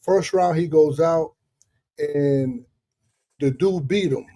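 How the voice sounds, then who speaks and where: A man hosting a live boxing chat, telling lively, profane stories full of fillers and restarts. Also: on the high side, takes it slowly. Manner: animated, profane storytelling with many fillers. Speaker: live show host. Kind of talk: casual storytelling chat.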